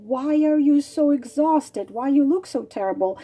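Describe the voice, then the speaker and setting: Storybook bird, blunt and exasperated, high and mellow, woman doing it. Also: animated, moderate pace. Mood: questioning. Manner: pointed, exasperated questions. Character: blunt magical bird, female, scolding.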